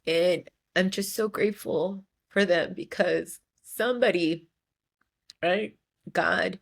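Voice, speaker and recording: A young woman with a gravelly, medium-pitched voice gives a heartfelt solo monologue on her own podcast. She sounds tearful and repeats and restarts what she says.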